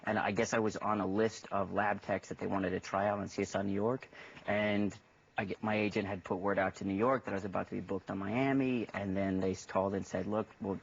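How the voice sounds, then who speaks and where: Gravelly low-voiced man, relaxed and rambling. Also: a little fast, recorded from a distance, a little hiss or hum. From Ireland. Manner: relaxed, rambling, many restarts. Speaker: actor guest. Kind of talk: casual interview chat. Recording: dull lo-fi recording.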